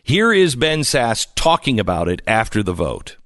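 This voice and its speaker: A male talk show host giving an impassioned commentary monologue, emphatic and slow with dramatic pauses. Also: mid-range voice, very animated, fairly bright tone, dry recording.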